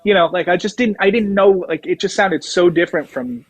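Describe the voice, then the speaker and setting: Middle-aged male guest, rambling storyteller, slightly high voice, dry close mic. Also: brisk, no echo, dull audio. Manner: rambling anecdotes, acts out quoted dialogue. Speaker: guest musician, drummer. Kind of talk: casual storytelling interview.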